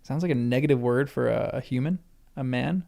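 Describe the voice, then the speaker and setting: A man reads a novel aloud for the first time, pausing for casual asides and fixing his own slips as he goes. His voice is gravelly, with a mellow, darker tone. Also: mid-range voice. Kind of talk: reading aloud with casual commentary.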